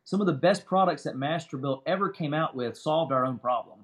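A man's voice: on the high side, brisk. A young adult man talking in an easygoing, chatty way as a guest in a casual interview.

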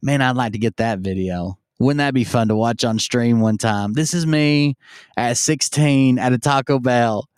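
A man tells a rambling, profane story in a relaxed streaming chat, slipping into other people's voices as he goes. His voice is smooth and resonant, and the sound is dry and close with no room echo. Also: mid-range voice, normal speed. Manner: rambling and profane, acts out yelled quotes. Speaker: streamer telling stories. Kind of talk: casual storytelling.

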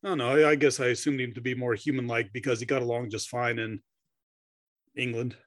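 A man's voice: medium pitch, level tone, fairly quick, no room sound. A man co-hosting a podcast, chatting casually about an old film in a joking, easygoing way. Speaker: podcast co-host.

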